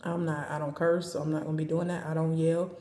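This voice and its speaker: A woman giving dating advice in a casual talk to camera, speaking calmly and evenly and driving her points home by repeating them. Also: low-pitched, fast, echoey room. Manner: calm, even, straight-talking with emphatic repetition.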